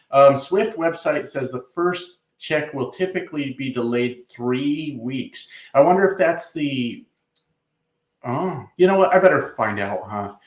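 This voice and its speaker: A man's voice: medium pitch, reverberant. A man, a trucker, chatting casually on a livestream, reading comments, joking and swearing with lots of fillers. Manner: profane, joking, rambling with many fillers. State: coughing a little. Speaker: trucker reading live chat.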